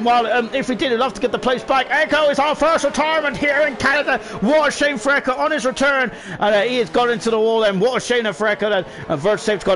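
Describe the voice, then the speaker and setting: Man, very high voice, excitable race commentator, fillers, tag questions, shouts at crashes.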